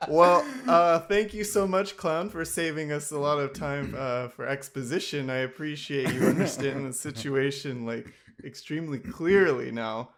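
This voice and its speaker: A man's voice: a little high, fairly even intonation, moderate pace, hardly any pauses, a bit bright. A man co-hosting an improvised comedy podcast, making sarcastic joking asides. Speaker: podcast co-host.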